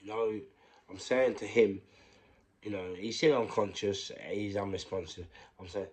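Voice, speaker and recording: Low-voiced London man telling a story. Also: fairly even intonation, measured pace, darkish tone. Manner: rambling, emphatic, drops to a whisper when quoting himself. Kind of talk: casual storytelling monologue.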